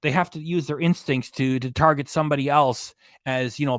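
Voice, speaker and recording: A man delivers scornful, sarcastic commentary while reacting to a livestream, swearing freely. His voice sits a little high for a man. The recording is dry and close, with no room sound. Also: steady tone, brisk, a bit bright, no room sound. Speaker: reaction channel host. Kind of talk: mocking commentary over a livestream.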